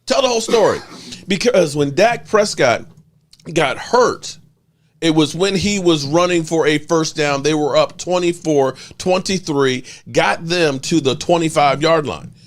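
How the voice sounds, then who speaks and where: A man hosting a live sports podcast, loud and fired up, ranting with frequent restarts. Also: on the high side, a little slow. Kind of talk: heated live-stream sports rant. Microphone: desk mic in home studio.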